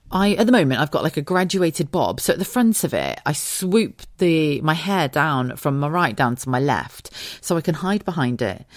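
Podcast host: a woman in her forties with a low voice, frank and sweary, recorded dry and close. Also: dry recording. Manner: candid, chatty, swears, goes off on tangents. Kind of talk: casual solo podcast monologue.

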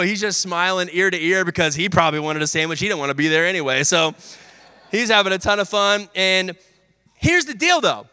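Energetic young man preaching in a reverberant hall. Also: sits high, normal speed, clean tone. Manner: energetic storytelling, acts out voices of teammates and coach. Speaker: pastor. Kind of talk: sermon.

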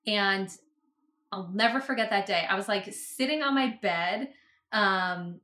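Woman guest, chatty storyteller, bright tone, recorded in a roomy space. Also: medium pitch, unhurried, slight background noise. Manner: chatty, lots of likes and fillers. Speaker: podcast guest, business owner. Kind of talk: casual interview storytelling. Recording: roomy echo.

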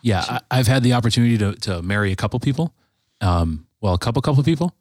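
A man's voice: mid-range voice, expressive, quick pace, no echo, studio quality. A man in a casual faith discussion, speaking animatedly and searching for words. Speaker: podcast co-host, wedding officiant.

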